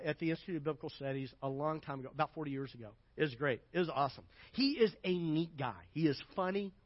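An older man preaching a sermon as pastor, emphatic and building to loud repeated phrases, then dropping to quiet asides. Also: fairly high pitch, no echo, highs cut off.

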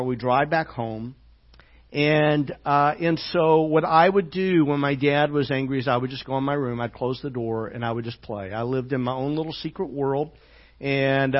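A man preaching a sermon as pastor, halting with many fillers and dropping soft and slow on tender lines. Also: medium pitch. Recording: dull lo-fi church audio.

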